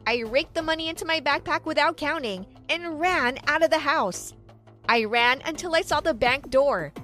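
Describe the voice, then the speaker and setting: Young woman narrator, high voice, dramatic first-person story read. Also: lively intonation, normal speed, fairly bright tone, faint music behind. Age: young adult.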